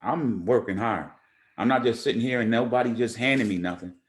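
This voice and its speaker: A man's voice: medium pitch, a little fast. A man who is a rapper, talking as a guest in a casual interview, earnest and emphatic, often repeating words as he builds his point.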